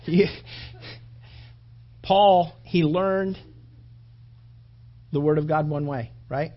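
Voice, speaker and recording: A man preaching a sermon with passion, his voice rising toward shouts and then dropping low. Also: steady tone, very slow, long pauses, dull audio. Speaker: pastor.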